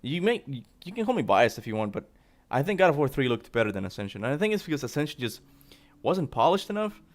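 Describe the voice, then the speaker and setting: A man hosting a stream and giving casual reaction commentary, rambling and excitable, often laughing. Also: medium pitch, fast talker. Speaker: streamer host.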